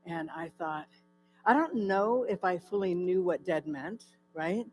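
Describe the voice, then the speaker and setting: A woman's voice: on the low side, unhurried, faint music behind, poor audio. A woman from California giving a personal testimony to a church audience, telling her story with many fillers and asking the audience questions. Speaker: guest speaker. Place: church hall.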